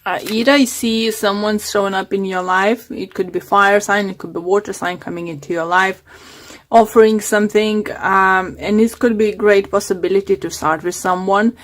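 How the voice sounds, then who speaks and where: A woman's voice: mid-range voice, fairly even intonation, moderate pace. Woman tarot reader losing her voice. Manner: hesitant, many fillers and restarts. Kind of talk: casual tarot reading monologue.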